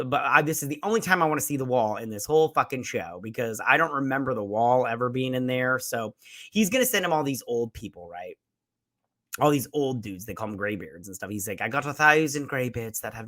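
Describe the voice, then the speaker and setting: A man's voice: medium pitch, sharp tone. A man hosting a show, giving a loose, profane, rambling recap of a TV episode with lots of fillers and restarts. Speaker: show host reviewing a TV episode. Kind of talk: casual rambling recap commentary.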